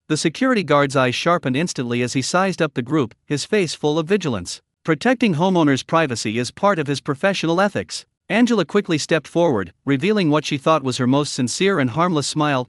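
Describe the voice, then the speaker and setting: A man narrating a recap story in a steady, scripted storytelling delivery. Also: fairly high pitch, fairly quick, hardly any pauses, no room sound, studio quality.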